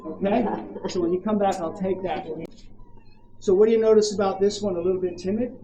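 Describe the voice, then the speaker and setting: Brisk Australian dog trainer, distant and echoey. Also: medium pitch, fairly even intonation, mellow, highs cut off. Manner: brisk commands mixed with coaching questions. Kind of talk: hands-on dog training coaching. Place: outdoors at a campground. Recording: echoey, distant, noisy outdoor ambience.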